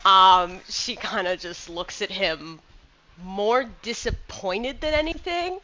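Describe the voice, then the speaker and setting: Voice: medium pitch, takes it slowly, pushed and bright, rough recording. A player in a tabletop game who talks in a casual, rambling way with lots of fillers.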